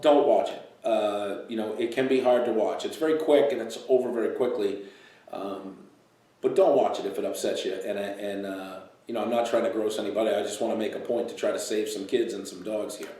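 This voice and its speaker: A man's voice: normal speed, dark tone, husky. A middle-aged man, a dog trainer hosting his show, giving casual, joking advice on dogs and a new baby. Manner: joking, breaks into shrill impressions of owners.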